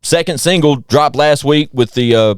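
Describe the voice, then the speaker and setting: A man's voice: on the high side, moderate pace, clear, resonant tone, no echo, clean studio sound. A man hosting a casual podcast, hyping things up and swearing freely. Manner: hype, animated, swears freely. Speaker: podcast host.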